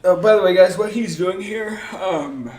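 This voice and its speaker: A man's voice: high-pitched, normal speed, a little mellow. A man playing a tabletop game and running the stream, talking casually and hesitantly while distracted by setup. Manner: distracted, hesitant with many ums. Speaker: player and stream host. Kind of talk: casual tabletop play chat.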